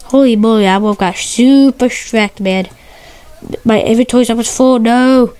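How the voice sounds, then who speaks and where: A woman giving excitable, stuttery gameplay commentary, repeating her exclamations and swapping curses for mild words. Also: on the high side, moderate pace, smooth. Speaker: gamer.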